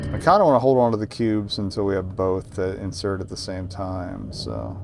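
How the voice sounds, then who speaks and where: A man streaming a game, talking through it in wry, low-key asides. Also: expressive, normal speed, vocal fry, background noise. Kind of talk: casual let's-play commentary.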